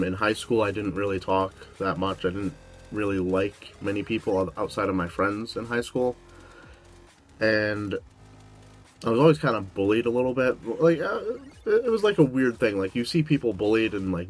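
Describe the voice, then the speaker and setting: A young man hosting a casual Q&A vlog, rambling with lots of "like" fillers, his voice going a bit hoarse. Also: lowish voice, fairly even intonation, moderate pace, soft background music. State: losing his voice. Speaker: YouTube host.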